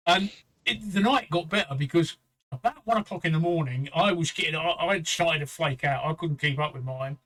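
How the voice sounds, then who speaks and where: Middle-aged English host, high and bright, rambling anecdotal storyteller. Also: male voice, fairly quick, low-quality recording. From England. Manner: swearing, repeats "right?" as a tag; quotes others in a raised voice. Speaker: show host. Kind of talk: casual storytelling chat.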